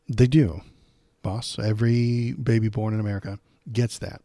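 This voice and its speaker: A man's voice: on the low side, steady tone, moderate pace, warm tone, no echo, studio quality. A man hosting a live political stream, reading headlines and reacting in casual commentary, sarcastic and indignant, with many fillers.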